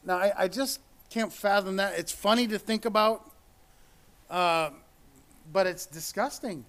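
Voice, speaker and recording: A man's voice: high voice, a little slow, fairly bright tone. A man preaching a sermon and reading scripture aloud, earnest, repeating words and rising for emphasis.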